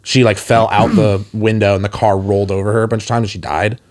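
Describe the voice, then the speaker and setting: A man's voice: on the low side, level tone, quick pace, a little mellow. A man on a casual podcast, co-hosting and telling a long rambling story, often laughing between his words. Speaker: podcast co-host. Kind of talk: casual chat.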